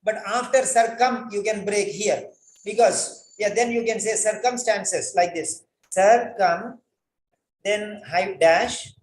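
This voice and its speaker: Male writing tutor, higher pitch, corrective and repetitive, recorded in a roomy space. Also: a little slow, a little hiss or hum. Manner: corrective, repeats phrases, spells words out. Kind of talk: correcting a student's letter line by line.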